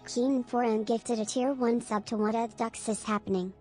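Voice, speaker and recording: A synthetic woman's voice reading stream alerts aloud in flat, evenly paced announcements. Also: mid-range voice, normal speed, faint music behind. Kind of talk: text-to-speech alert reading.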